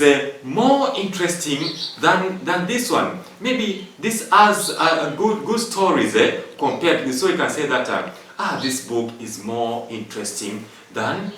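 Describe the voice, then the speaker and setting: A man's voice: a little high, expressive, measured pace, few pauses, fairly bright tone, a little hiss or hum. A man teaching an English grammar lesson, going step by step through rules and repeating them with examples. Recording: echoey room from far off.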